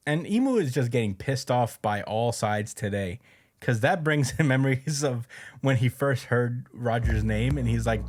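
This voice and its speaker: A man hosting a casual podcast who talks through a manga chapter in a loose, unpolished way. He swears freely and chuckles now and then while recapping, and his voice sits at an ordinary middle pitch. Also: lively intonation, a little slow, darkish tone. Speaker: podcast host.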